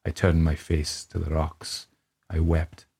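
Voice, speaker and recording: A man's voice: very deep voice, completely flat delivery, slow pace, gravelly, darkish tone, slightly rough, exaggerated voice. A man reading a ghost story aloud as a grave first-person narrator, putting on a Scottish accent. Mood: sombre. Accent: put-on Scottish. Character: brooding Scottish man telling his tale.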